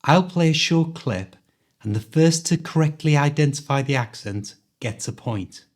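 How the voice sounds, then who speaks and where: A man with a mild Liverpool Scouse accent, hosting an accent quiz in a clear, teacherly way. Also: fairly high pitch, expressive, moderate pace, darkish tone. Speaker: podcast host, English teacher. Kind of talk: quiz host, scripted podcast.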